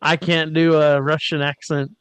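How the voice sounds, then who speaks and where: A man's voice: on the high side, little pitch movement, normal speed, fairly bright tone, clean tone, dry recording. A man co-hosting a podcast, casually recapping an episode and jokingly mimicking the characters. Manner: jokey, mimics characters in quotes. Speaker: podcast co-host.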